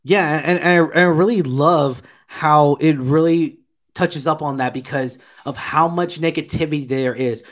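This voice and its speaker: A man's voice: fairly high pitch, unhurried. A man co-hosting a casual TV review chat, retelling scenes in a rambling, filler-heavy, enthusiastic way. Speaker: podcast co-host reviewing a TV episode.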